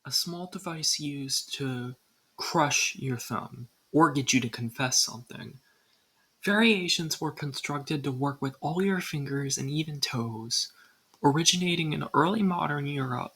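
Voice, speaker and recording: A young woman reads a scripted countdown in a husky, breathy voice that still sounds bright and forward. She keeps the tone casual and drops in dry little asides between entries. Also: very deep voice, poor audio. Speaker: video creator. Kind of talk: scripted ranking narration.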